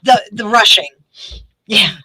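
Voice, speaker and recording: A woman, a guest telling a story in casual chat, animated and quick. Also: mid-range voice, breathy edge, dry recording, low-quality recording. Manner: animated, quick storytelling with bursts of acted quotes.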